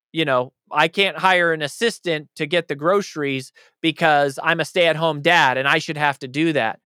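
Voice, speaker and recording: A man's voice: a little high, bright, forceful tone, clean tone, no room sound, studio quality. A man speaking as an author being interviewed, talking in a passionate, emphatic way. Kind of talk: conversational interview answers.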